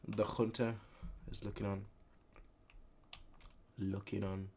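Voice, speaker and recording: A man hosting a casual reaction video who reads a manga aloud and makes his own sound effects in an animated way. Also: medium pitch, measured pace. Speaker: reaction channel host.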